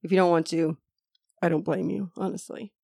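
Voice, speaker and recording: A woman co-hosting a casual podcast, hoarse and fry-voiced from a lingering cold, chatting and laughing often. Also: fairly low pitch, steady tone, fairly quick, dark tone, no room sound, studio quality. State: hoarse from illness, vocal fry. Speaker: podcast co-host. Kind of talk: casual chat.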